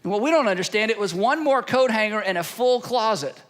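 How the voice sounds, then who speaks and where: A male pastor preaching a sermon in an earnest, pleading tone, building his points through steady repetition. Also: high-pitched, a little fast.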